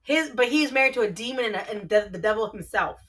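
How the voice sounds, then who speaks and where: A woman with a New Jersey accent co-hosting a casual livestream, brash and teasing, quick to swear. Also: on the high side, expressive, a bit bright. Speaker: co-host.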